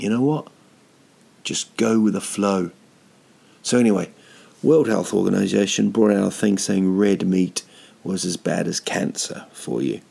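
A man's voice: deep voice, gravelly, darkish tone, husky. A man hosting a comedy podcast, rambling through a self-deprecating monologue with lots of fillers and restarts.

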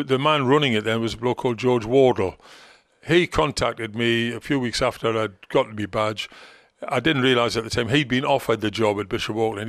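A man's voice: mid-range voice, no echo, studio quality. An older man with a Geordie accent, a former football manager reminiscing in an interview with a chatty, storytelling manner. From North East England. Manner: chatty storyteller with fillers and dialect words.

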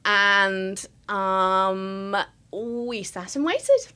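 A woman in her thirties, a podcast guest telling a personal story in casual chat, animated and full of laughs. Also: medium pitch, extremely slow, clean tone. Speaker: podcast guest, writer and performer.

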